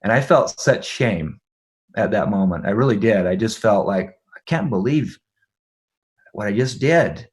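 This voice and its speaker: A middle-aged man guesting in an interview tells an animated personal story about his family, laughing as he goes and checking in with his listener. He has a lowish voice and keeps a measured pace.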